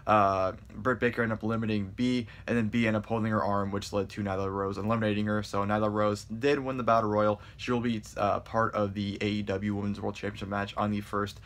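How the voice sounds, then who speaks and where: A man giving a casual spoken review, excitable and rambling, stumbling over his words and swearing freely. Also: fairly low pitch, fairly quick, few pauses. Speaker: wrestling show reviewer.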